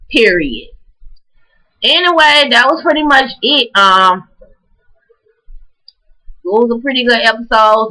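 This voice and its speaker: A woman casually recapping a reality TV episode, animated and profane, acting out what people said. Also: lowish voice, low-quality recording. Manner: animated, profane, acts out quotes. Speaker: recap vlogger.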